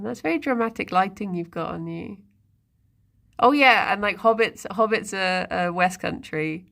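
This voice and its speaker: A woman's voice: mid-range voice, normal speed, creaky, a bit bright. A woman streamer in casual live-stream chat, musing aloud and talking to her viewers and pets. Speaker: livestreamer.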